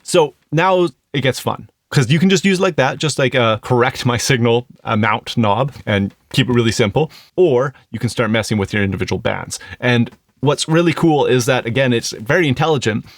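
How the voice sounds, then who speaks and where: A man's voice: mid-range voice, normal speed, no room sound, clean studio sound. A man reviewing an audio plugin in a casual, explanatory tutorial, thinking aloud as he goes. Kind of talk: casual screen-recorded tutorial.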